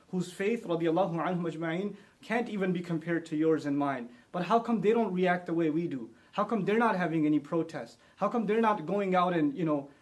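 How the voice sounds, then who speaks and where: Male preacher, fairly high voice, earnest short sermon that climbs in force on key lines, honorifics tossed off fast and soft. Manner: builds to emphatic, rising delivery when quoting scripture; murmurs honorifics quickly and softly. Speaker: Islamic speaker. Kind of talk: short religious talk.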